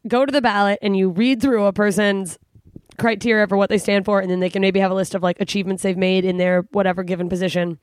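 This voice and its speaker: A young woman from California talks alone into a close podcast mic, swearing and rambling through her frustration with lots of "like" and "I don't know." Her voice sits at a middle pitch and jumps up sharply when she is exasperated. The recording is dry, with no room sound. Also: dry recording. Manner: profane, exasperated, rambling with frequent fillers. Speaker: podcast host. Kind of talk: casual solo podcast rant.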